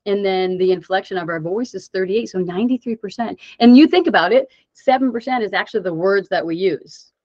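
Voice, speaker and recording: A woman gives a coaching webinar in an animated, conversational style and keeps asking the audience rhetorical questions. The video-call audio sounds dry and a little dull, with no room echo. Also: mid-range voice, a little fast, hardly any pauses. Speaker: webinar presenter. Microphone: video call mic.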